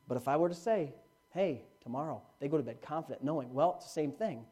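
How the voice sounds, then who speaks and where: Animated preaching pastor man. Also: quick pace, breathy edge. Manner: animated preaching with dramatic swings in pitch and volume. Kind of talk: sermon. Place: church, live-streamed.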